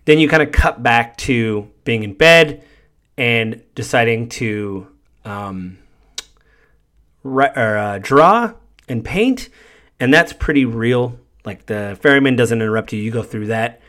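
A man with an average-pitched voice talks through a video game's story as a podcast host. His delivery is loose and conversational, and it meanders from scene to scene. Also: lively intonation, takes it slowly, a bit bright. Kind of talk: casual retelling of a video game story.

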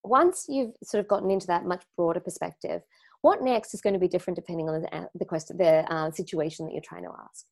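A woman's voice: on the low side, quick pace, creaky, a little mellow. A woman with an Australian accent giving a live online talk to students, speaking reflectively and conversationally, with frequent fillers and restarts. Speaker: wellness teacher.

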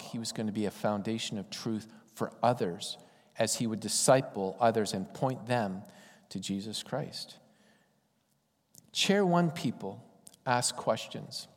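A man's voice: mid-range voice, darkish tone. A man preaching a sermon in a conversational, folksy storytelling way. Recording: long hall reverb.

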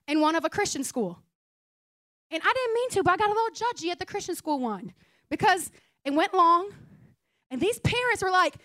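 A young woman pastor preaching a conversational, humorous sermon in a blunt, animated way. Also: extremely high pitch, dry recording. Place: church sanctuary.

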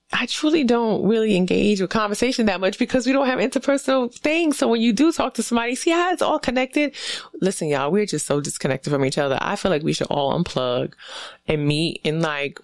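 Woman podcaster from the east coast, lowish voice, dry sound, cussing and riffing sarcastically. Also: no room sound. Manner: animated, profane, sarcastic riffing. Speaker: podcast host. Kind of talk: casual solo podcast monologue.

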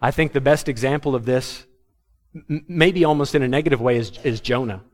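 A man preaching a sermon to his congregation, animated and humorous, acting out the words of biblical figures. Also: medium pitch, fairly quick. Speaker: pastor.

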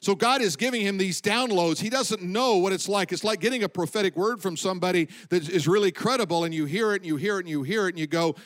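A man with a high voice preaches a sermon. He speaks with emphasis, slows down on his key points, and lets his voice fall low at the ends of lines. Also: fairly bright tone. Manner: emphatic preaching, slowing for stress and dropping low at line ends. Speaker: pastor.

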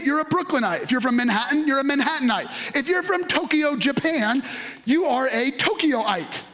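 A man preaching a sermon, with emphatic repetition, building to shouts and leading the congregation in call-and-response. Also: very high voice. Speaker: pastor.

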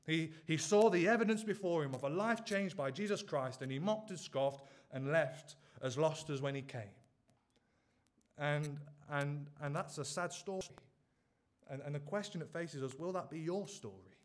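A man's voice: a little high, normal speed. A man preaching a sermon, pressing his listeners with earnest, repeated rhetorical questions.

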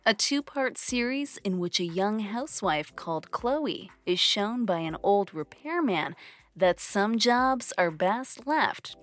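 A woman podcast host reading book descriptions and show announcements in a crisp, announcing voice. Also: medium pitch.

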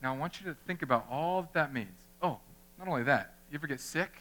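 A man, a pastor, preaching a lively sermon, talking straight to his congregation and acting out little scenes. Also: fairly high pitch, quick pace. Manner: conversational, addresses the congregation directly; animated, acts out little scenes.

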